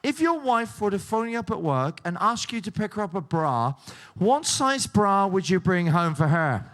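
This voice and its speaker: A man's voice: high-pitched, very animated, normal speed, a bit bright. A man hosting a game show, joking and teasing the contestants and laughing often. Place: cruise ship show lounge.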